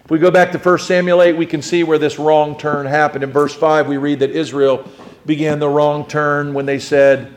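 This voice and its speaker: A middle-aged man preaching a sermon as pastor, swinging between loud emphatic lines and quiet, low ones. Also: fairly even intonation, normal speed.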